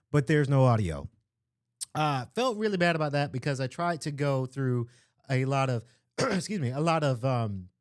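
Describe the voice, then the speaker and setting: A man hosts his own podcast in a loose, rambling way, full of shout-outs and hype-man catchphrases. His voice sits a little on the high side and sounds slightly strained from shouting. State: throat a bit strained from shouting. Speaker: podcast host. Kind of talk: casual solo podcast talk.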